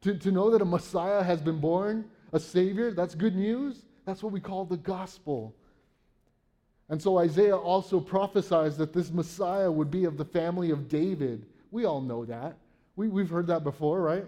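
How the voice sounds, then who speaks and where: This preacher's voice is high-pitched and warm, at a moderate pace. His sermon alternates between reading Bible verses and paraphrasing them in a conversational way, with frequent "right?" check-ins.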